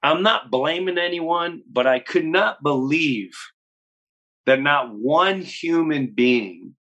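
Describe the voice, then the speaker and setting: A man in his fifties, a guest comedian telling stories in an interview, animated and acting out other people's lines. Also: fairly high pitch, takes it slowly, dull audio. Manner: animated, acts out quotes in other voices. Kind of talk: storytelling in an interview.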